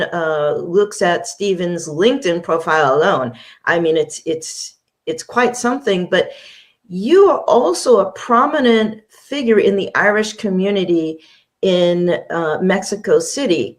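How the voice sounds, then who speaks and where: A woman hosting an interview show, reading a formal introduction and asking questions. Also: mid-range voice. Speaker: show host.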